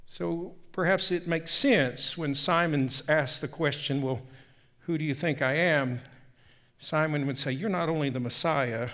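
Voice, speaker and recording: A man preaching a sermon as a pastor, telling the story with emphatic rises and hushed drops. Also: a little high. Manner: animated storytelling, shifting from loud emphasis to hushed tones.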